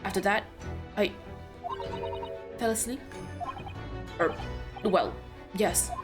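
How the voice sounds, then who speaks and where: A woman voicing an earnest, flustered young male lawyer while reading game dialogue aloud, with halting, apologetic speech. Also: medium pitch, music in the background, lightly acted. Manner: halting, apologetic, then insistent.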